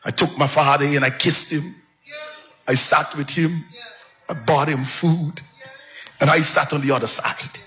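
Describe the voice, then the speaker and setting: A male pastor preaching a sermon, telling a personal story with passion and swinging from low hushed lines to high cries. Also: a little slow, long pauses, faint music behind. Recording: dull lo-fi sound.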